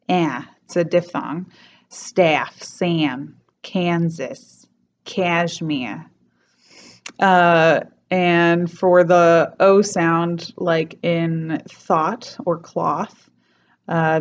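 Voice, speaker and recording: A young woman, a teacher, explaining and slowly demonstrating accent sounds from her home in a chatty way. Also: on the low side, muffled recording, a little hiss or hum. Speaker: dialect coach and teacher. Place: home, decorated for Christmas.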